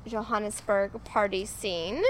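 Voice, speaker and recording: A woman's voice: medium pitch, steady tone, unhurried, rough recording. Woman, podcast co-host, casual rambling chat, faint noise behind. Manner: chatty, rambling with many fillers.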